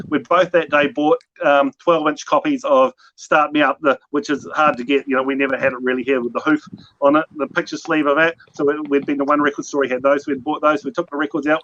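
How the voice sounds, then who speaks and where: A man's voice: fairly high pitch, a bit bright. A man with a New Zealand accent, hosting a casual chat and telling long, rambling stories with many restarts. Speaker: host. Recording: dull lo-fi audio, faint noise.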